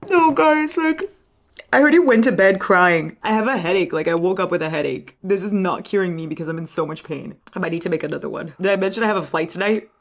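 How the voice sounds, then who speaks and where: A woman's voice: fairly low pitch, rapid-fire, few pauses. A young woman reading and gushing in a casual, emotional book vlog, swearing freely. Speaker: book vlogger.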